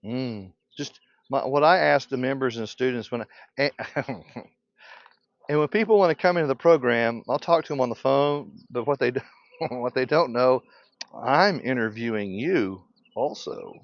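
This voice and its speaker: A man's voice: medium pitch, moderate pace, creaky, dry recording. An older man, a beekeeping teacher, delivering a passionate unscripted rant. He is blunt and provocative and laughs often. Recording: dull lo-fi recording.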